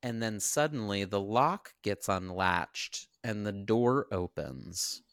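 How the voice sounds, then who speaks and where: Low-voiced man acting out a film. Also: takes it slowly, creaky, no room sound, studio quality. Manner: animated storyteller, acts out the characters' lines. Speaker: podcast co-host. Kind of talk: casual chat, retelling a film.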